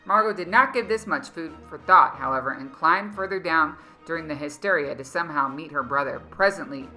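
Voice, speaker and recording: A woman with a low-pitched, bright and tense voice reads a fantasy story aloud. Her narration is dramatic and expressive, with faint music playing underneath. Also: brisk, low-quality recording.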